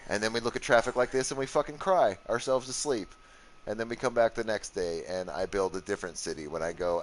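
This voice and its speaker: A man's voice: lowish voice, a little fast, a little hiss or hum. A young man streaming a game, tired and rambling, with sarcastic asides and lots of swearing. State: worn out from a long session. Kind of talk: casual gaming commentary.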